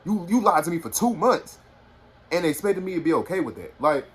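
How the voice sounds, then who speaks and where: A husky, somewhat high voice belongs to a young vlogger from Houston, Texas, talking a little fast. He animatedly retells a personal story on a phone, casual and rambling, with plenty of fillers.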